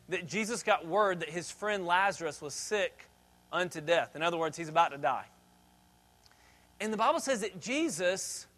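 A man delivers a sermon as pastor, his voice sitting high and sounding bright and forceful. He moves between loud, fervent stretches and quiet, conversational asides, acting out voices and joking along the way. Faint music plays beneath him. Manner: dynamic preaching, acts out disciples' voices, jokes.

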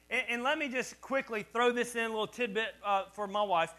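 A man's voice: extremely high pitch, fairly quick, hardly any pauses, bright, forceful tone. A male pastor preaching a sermon in a conversational, joking way, calling on the congregation to repeat words back to him.

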